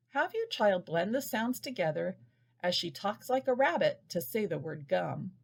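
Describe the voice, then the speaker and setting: A woman giving a scripted lesson to parents, patiently sounding out words slowly. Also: mid-range voice, sing-song, vocal fry, slightly rough. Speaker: early reading instructor. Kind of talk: scripted instructional narration.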